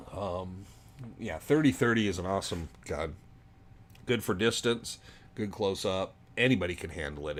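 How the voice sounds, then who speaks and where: A man's voice: deep voice, slight background noise. A middle-aged man from Arizona hosting a livestream, chatting casually and rambling with many ums. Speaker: livestream host.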